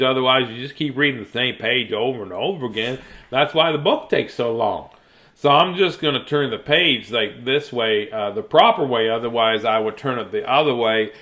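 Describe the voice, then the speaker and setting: A man's voice: medium pitch, bright, forceful tone. A man reading a picture book aloud, playful and chatty, drifting into tangents. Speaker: children's story reader.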